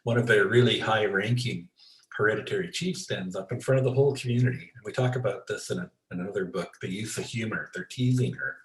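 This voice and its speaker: Low-voiced man telling stories, echoey room. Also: fast talker. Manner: storytelling, acts out quoted voices, many restarts. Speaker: guest expert. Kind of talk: conversational interview storytelling.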